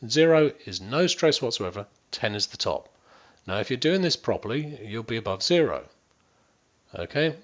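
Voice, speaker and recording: A wellbeing coach guides listeners through a stress-management exercise, speaking straight to them and checking in often. To demonstrate, he drops to near-whispers and slow, stretched-out words. His mid-range voice is very animated and a bit bright, though the audio is dull.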